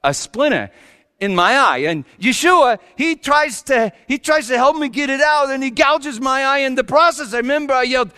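Brief: man as Joseph, humble carpenter father; folksy, chuckling storyteller, high pitch, reverberant hall. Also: lively intonation, normal speed, bright, forceful tone, clean tone, full character voice. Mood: jovial. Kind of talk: first-person dramatic monologue.

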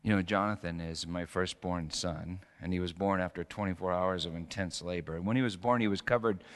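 A man preaching a sermon, telling stories with dramatic, emphatic rises and soft drops. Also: low voice, fairly even intonation, brisk, in a large hall. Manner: dramatic storytelling with rising emphatic peaks.

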